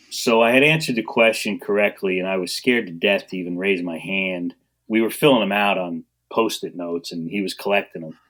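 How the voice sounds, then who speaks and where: A man, a guest on a podcast, telling stories about his coaching career in an animated way, acting out what people said and laughing often. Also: fairly low pitch. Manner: animated storyteller, acts out quotes, laughs often. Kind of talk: storytelling in a podcast interview.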